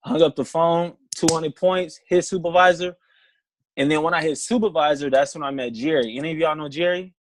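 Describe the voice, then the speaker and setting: A young man on a video call, telling his story in a casual, animated way and acting out both sides of phone calls. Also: on the high side, fairly quick, slight background noise, poor audio. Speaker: distributor sharing his story on a team call.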